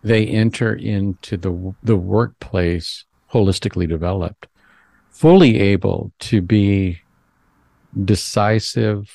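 A man with a very low, gravelly voice, talking as an interview guest. He sounds thoughtful and measured, pausing over his words. The sound is dry and close, with no room in it. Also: dark tone, no echo. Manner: thoughtful, measured, self-deprecating. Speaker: psychologist guest. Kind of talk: conversational interview.

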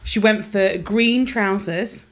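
A woman co-hosting a casual pub-chat podcast tells a story slowly in a mid-range voice. She's a chatty storyteller who laughs often.

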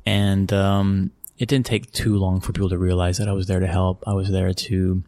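A man's voice: low-pitched, flat delivery, normal speed, mellow, dry recording. An American man from Texas telling stories in a casual interview, rambling with restarts and frequent chuckles. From Texas, USA. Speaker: interview guest, football club executive.

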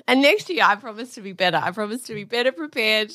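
Giggly Australian woman, high and lively. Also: fast. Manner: giggly and playful. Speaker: podcast co-host. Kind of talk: casual podcast banter.

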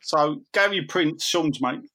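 Guy on a podcast, bit higher voice, reads out fan msgs. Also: slow pace, pushed and bright. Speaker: podcast co-host. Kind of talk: casual chat, reading listener messages.

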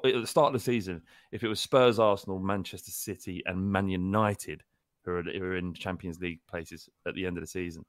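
A man co-hosting a casual football podcast, an animated storyteller who acts out quotes in high voices. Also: fairly quick, no room sound, clean studio sound. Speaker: podcast co-host.

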